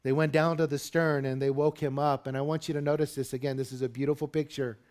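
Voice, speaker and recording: A man's voice: flat delivery, quick pace. Earnest male preacher. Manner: earnest preaching, rising loud and high when dramatizing the disciples. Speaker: pastor. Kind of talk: sermon.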